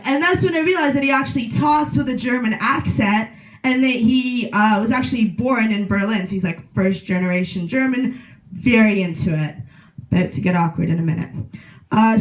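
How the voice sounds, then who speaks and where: A woman in her late twenties works through a stand-up set at an open mic, deadpan and rambling. She leans on uhs and ums between jokes. Her voice bounces around an echoey small room. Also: on the high side, normal speed. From Russia. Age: 20s. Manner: deadpan, rambling with filler words. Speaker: stand-up comedian.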